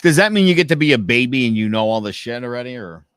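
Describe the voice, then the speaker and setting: A man's voice: mid-range voice, animated, quick pace, fairly bright tone, smooth, no echo, clean studio sound. A young man co-hosting a casual podcast, telling a story with lots of restarts and acted-out quotes. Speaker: podcast co-host.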